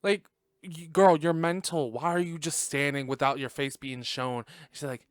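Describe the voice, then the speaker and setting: A man's voice: fairly high pitch, steady tone, normal speed, no room sound, studio quality. A man hosting a podcast, giving a casual, sassy and profane reaction to a film and laughing often. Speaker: podcast host. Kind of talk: casual movie reaction commentary.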